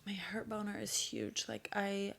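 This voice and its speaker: A woman in her thirties talks through a casual solo podcast in a bright, forward voice. Her tone has a gravelly edge of vocal fry. She is blunt and chatty, swears freely, and laughs at her own stories. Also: mid-range voice, steady tone, a little slow, a little hiss or hum. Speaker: podcast host.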